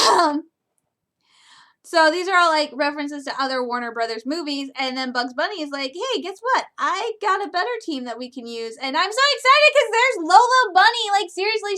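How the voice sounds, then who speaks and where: A woman in her twenties from Michigan gushing casually about a movie trailer in a reaction video, excitable and quick to laugh. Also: sits high. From Michigan, USA.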